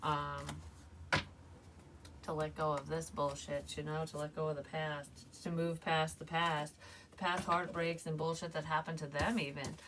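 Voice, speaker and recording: A woman's voice: low voice, little pitch movement, moderate pace, noisy background. A woman giving a casual tarot reading, chatty and emotional, swearing now and then. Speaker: psychic tarot reader.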